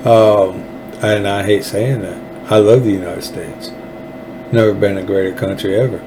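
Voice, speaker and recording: A man's voice: fairly low pitch, fairly even intonation, normal speed, background noise. A man with a Texan accent hosting a political commentary show, talking in a folksy, fervent, rambling way with frequent restarts. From Texas. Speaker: show host.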